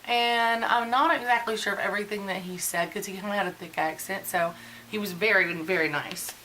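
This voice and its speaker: A chatty woman in her forties, venting in a casual get-ready-with-me vlog. Her voice is bright and forceful. She sounds conversational and a little exasperated, as if talking to a friend. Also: mid-range voice, fairly even intonation, brisk, a little hiss or hum, rough recording. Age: 40s. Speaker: beauty vlogger.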